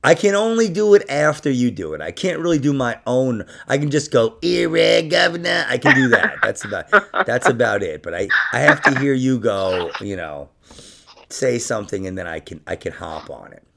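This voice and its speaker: Gravelly, animated man in casual chat. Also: medium pitch, normal speed, slight background noise. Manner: loud bursts of laughter, swearing, rambling.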